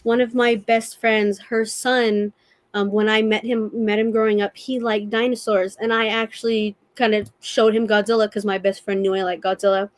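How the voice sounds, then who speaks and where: A woman's voice: mid-range voice, little pitch movement, normal speed, dry recording. A young woman talking as a podcast guest in casual conversation, earnest and openly emotional as she gushes.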